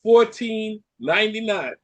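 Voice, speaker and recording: A Caribbean man hosting a podcast, ranting in an animated way and repeating lines for effect. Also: high voice, measured pace. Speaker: podcast host. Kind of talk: casual chat.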